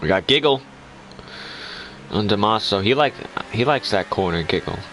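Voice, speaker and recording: Chatty low-voiced man calling a sim race. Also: lively intonation, moderate pace, a bit bright, slight background noise, rough recording. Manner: chatty, laughing often, teasing. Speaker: lead race commentator. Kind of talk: casual live sim racing commentary.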